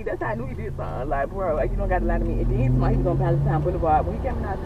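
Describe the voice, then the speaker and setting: A woman's voice: on the low side, animated, racing, hardly any pauses, a loud crowd. A woman riding in the back of a car, venting on a phone call to a friend, profane and exasperated. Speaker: rideshare passenger on a phone call. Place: back seat of a moving car. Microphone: dashboard camera from across the car. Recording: distant, muffled in-car recording with road noise.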